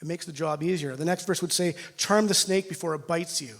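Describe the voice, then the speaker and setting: A middle-aged man with a Canadian accent preaching a sermon, emotional and self-deprecating, swinging between loud and quiet. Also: fairly high pitch, a little fast. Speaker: pastor.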